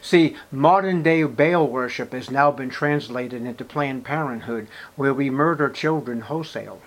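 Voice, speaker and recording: A man preaching a sermon with dramatic storytelling, loud emphatic bursts and sarcastic rhetorical questions. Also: medium pitch, normal speed. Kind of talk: expository sermon.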